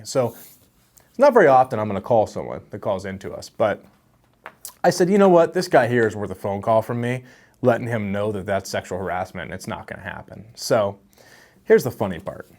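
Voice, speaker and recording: At a normal speed and in a fairly low voice, a young man hosts a relaxed advice vlog on real estate wholesaling. Talking to camera, he comes across as friendly and animated, telling stories with laughs.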